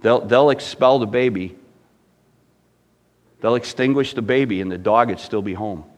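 A middle-aged pastor preaches a sermon with rising fervor, putting rhetorical questions to the congregation. He has a mid-range voice and speaks at normal speed.

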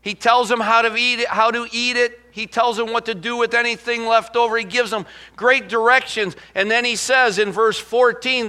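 A middle-aged man preaching a sermon as pastor, telling folksy stories and slowing down to quote scripture. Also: very high-pitched, steady tone, bright, forceful tone.

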